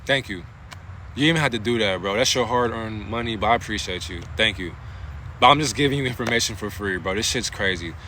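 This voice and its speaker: During a livestream, a man gives a spiritual talk full of casual slang and heated rhetorical questions, often pausing to thank his viewers. His delivery is passionate and preachy. His voice is fairly low, a little fast and sharp in tone, with slight background noise.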